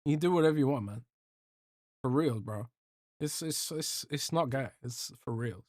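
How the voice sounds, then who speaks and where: A man's voice: mid-range voice, moderate pace, a little mellow, no room sound, studio quality. A young man hosting a casual livestream podcast, joking and rambling as he reads out chat. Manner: rambling, joking, swears a lot, trails off. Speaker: podcast host reading live chat.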